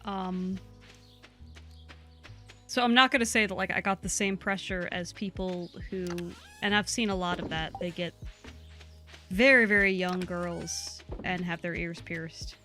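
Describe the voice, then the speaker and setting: A woman's voice: on the low side, steady tone, a little slow, bright, forceful tone, faint music behind. Chatty Southern-drawling woman streamer. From United States. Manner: chatty, filler-heavy, playful. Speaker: co-host of a game stream. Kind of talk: casual let's-play chat.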